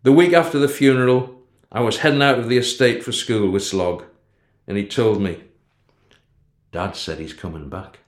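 A man reads a first-person story aloud. His voice sits in a middle register and his delivery stays steady and low-key. The recording carries a clear echoey room sound. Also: normal speed. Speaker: narrator. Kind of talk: storybook reading.

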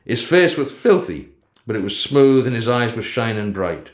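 A man reads a first-person story aloud. His voice sits in a middle register and his delivery stays steady and low-key. The recording carries a clear echoey room sound. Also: normal speed. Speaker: narrator. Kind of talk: storybook reading.

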